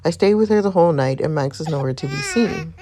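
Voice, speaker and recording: A woman's voice: low voice, lively intonation, fast, warm tone, slight background noise. A woman reading as an earnest protective young man. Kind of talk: reading game narration aloud.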